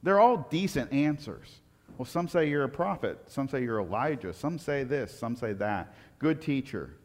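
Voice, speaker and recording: Animated preaching man in a reverberant hall. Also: mid-range voice, normal speed. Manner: animated storytelling, rising loud for anecdotes, dropping soft for reflection. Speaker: pastor. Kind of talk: sermon.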